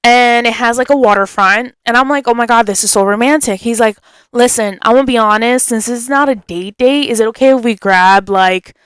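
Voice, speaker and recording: A woman's voice: a little high, brisk, clear, resonant tone, dry recording. Chatty young woman telling stories. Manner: animated, chatty, acts out quotes. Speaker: podcast host. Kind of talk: casual storytelling.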